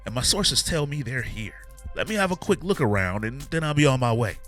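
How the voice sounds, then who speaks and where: A man's voice: medium pitch, expressive, brisk, fairly bright tone, soft background music, pitched above the performer's own voice, natural voice. A man voicing a cocky, playful male billionaire inventor who teases and quips. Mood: teasing. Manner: teasing, playful.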